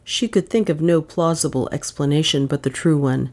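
A woman reading a mystery novel aloud in measured, dramatic narration. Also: deep voice, a little mellow. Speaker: audiobook narrator.

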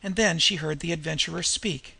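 A man narrating a novel in a steady, measured audiobook reading. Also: fairly high pitch, vocal fry, breathy edge. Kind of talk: scripted narration.

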